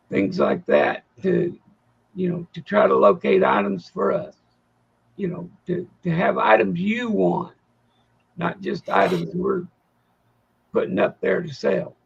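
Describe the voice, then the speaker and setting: A man co-hosting a coin auction livestream, talking in a rambling, halting, folksy way. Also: sits high, gravelly, husky, lo-fi sound. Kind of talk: casual livestream chat.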